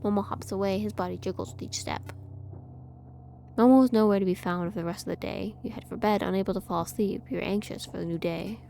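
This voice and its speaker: A woman narrating a horror visual novel in a measured, eerie way. Her voice is mellow and warm at a middle pitch, with a faint hum underneath. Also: creaky. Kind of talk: dramatic game narration.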